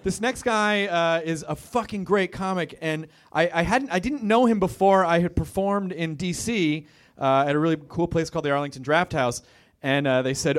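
A man's voice: fairly high pitch, normal speed. Rambling self-mocking male emcee. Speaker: comedy show host. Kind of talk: stand-up emcee. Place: comedy club stage.

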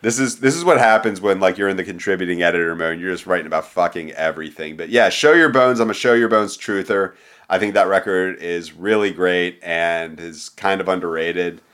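A man's voice: low voice, brisk, fairly bright tone. A man co-hosting a casual podcast, talking in a loose, rambling way with casual swearing. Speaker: podcast co-host.

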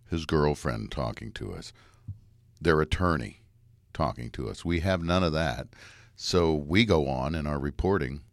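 A male reporter co-hosts a true-crime podcast in a very deep voice. He talks things through plainly, as in conversation. The sound is dry and close-miked. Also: no room sound. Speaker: reporter and co-host.

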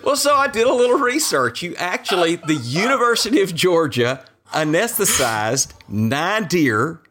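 A man's voice: mid-range voice, a bit bright. A man co-hosting a casual podcast, rambling through stories and laughing mid-sentence. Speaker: podcast co-host.

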